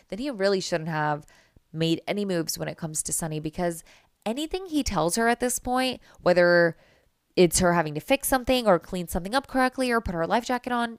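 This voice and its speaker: Woman podcast host, stuffy nasal voice, chatty recap style, smooth tone, dry close sound. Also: lowish voice, dry recording. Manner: chatty, opinionated, trails off with fillers. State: nasal from a cold. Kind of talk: casual reality TV recap.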